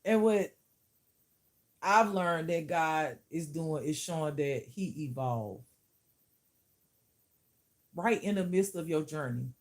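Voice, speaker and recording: A woman's voice: sits low, takes it slowly, pauses often. A woman who teaches spirituality, talking to camera in a casual vlog, blunt and profane, often laughing.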